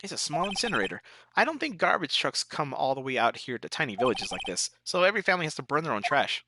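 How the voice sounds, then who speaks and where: Lively let's player reading game text. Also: medium pitch, quick pace, noisy background. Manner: reads game text aloud with joking asides. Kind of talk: casual gameplay reading. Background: game music.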